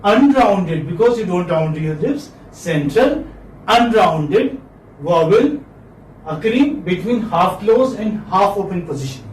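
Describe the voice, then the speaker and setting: High-voiced man teaching in an echoey room. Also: expressive, measured pace, a little hiss or hum. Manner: encouraging, repeats key terms. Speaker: phonetics teacher. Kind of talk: classroom lecture. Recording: echoey room, far from mic.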